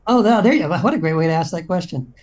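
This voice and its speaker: A man's voice: high-pitched, animated, fast talker, a little mellow, dull audio. A man from Texas, an author, chatting as a podcast guest in a friendly, rambling way with many fillers. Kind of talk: casual interview chat.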